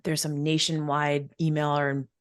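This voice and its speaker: A woman's voice: sits low, little pitch movement, measured pace, no echo, studio quality. A middle-aged woman, a wealth mentor, telling a personal story as a podcast guest, emphatic and repetitive as she acts out the dialogue.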